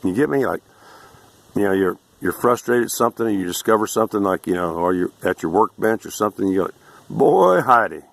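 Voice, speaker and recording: A man in his sixties with a Central Texas accent, tired and hoarse, ranting to camera in a crude, boastful, abrasive way. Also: sits low, quick pace. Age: 60s. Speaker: vlogger.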